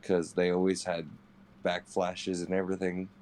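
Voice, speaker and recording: A man with a low, deep voice chats casually while streaming a game. He rambles from one joke to the next and swears freely, with a faint hiss behind him. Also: monotone, moderate pace, a little mellow. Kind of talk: casual chat while gaming.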